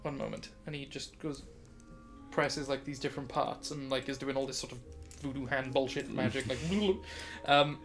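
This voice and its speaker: A man's voice: medium pitch, flat delivery, moderate pace, music in the background. A man narrating as game master of a tabletop game, describing things in a rambling way full of fillers.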